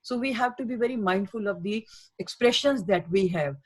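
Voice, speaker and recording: A woman's voice: mid-range voice, normal speed, rough recording. A woman giving a webinar lecture as a healthcare communication trainer, earnest and repetitive in her emphasis. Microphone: webinar microphone.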